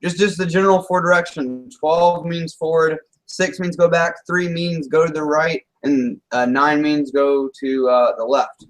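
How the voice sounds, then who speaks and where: Give me a teasing, jokey man who laughs a lot and sits a little high. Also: steady tone, a little slow, hardly any pauses, low-quality recording. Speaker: podcast co-host. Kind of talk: casual chat.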